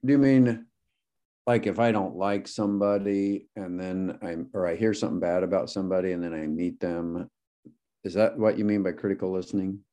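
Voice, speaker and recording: A man who works with patients, calmly clarifying points in a casual discussion. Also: deep voice. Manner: measured, clarifying. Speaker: clinician.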